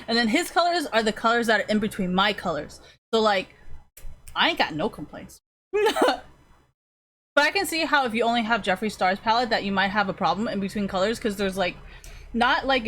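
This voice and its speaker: A woman's voice: mid-range voice, fairly bright tone, a little hiss or hum. A woman streamer chatting casually with viewers, rambling and swearing often, with lots of fillers. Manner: rambling, profane, frequent fillers. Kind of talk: casual chat.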